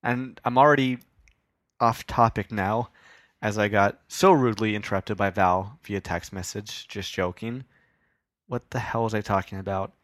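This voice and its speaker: A young man talks through a solo podcast in a loose, rambling way, often poking fun at himself and swearing casually. His voice sits a little low, and the recording is dry and close. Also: fairly even intonation, moderate pace, fairly bright tone, no echo. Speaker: podcast host.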